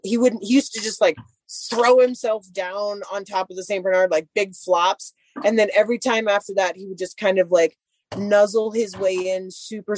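A woman's voice: medium pitch, darkish tone, no room sound. A woman chatting casually and telling a long story about her dogs, full of "like" fillers. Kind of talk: casual chat.

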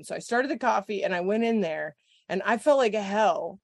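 A woman, a podcast guest, telling a story in casual chat. She is animated, swears freely and laughs often. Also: mid-range voice, brisk, no room sound.

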